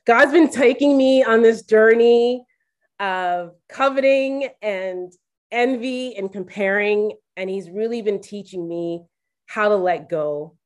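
A woman speaking to listeners about her faith, telling a candid personal story in an animated, confiding way. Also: mid-range voice, slow pace. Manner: animated, confiding, acts out quoted voices; addresses listeners directly as "guys".

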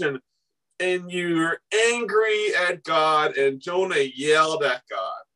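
A man preaching with a high, bright, ringing voice, picked up from a little way off the mic. He tells the story with animation, acting out the voices he quotes, and climbs into shouts at the peaks. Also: recorded from a distance, poor audio. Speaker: pastor. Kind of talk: sermon.

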